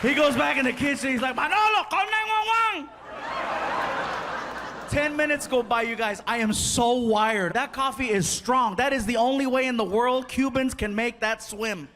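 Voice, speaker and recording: A man telling an animated stand-up comedy story on stage, acting out the people in it. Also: extremely high pitch, moderate pace, few pauses, crowd noise. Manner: animated storytelling, acts out voices. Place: stage before a live audience. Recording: live show with audience noise.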